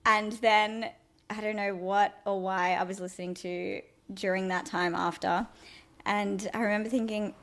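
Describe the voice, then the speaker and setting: A woman in her twenties, a former athlete guest on a podcast, telling stories in a chatty, animated way. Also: medium pitch, a little slow. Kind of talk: casual podcast interview.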